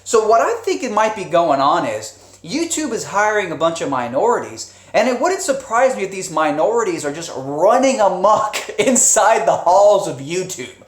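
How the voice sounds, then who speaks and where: A man's voice: high voice, sing-song, moderate pace, hardly any pauses. A man hosting a casual live stream, talking loosely with restarts, chuckles and swearing. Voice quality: rambling, with frequent restarts and profanity. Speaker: live streamer and channel host. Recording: roomy echo.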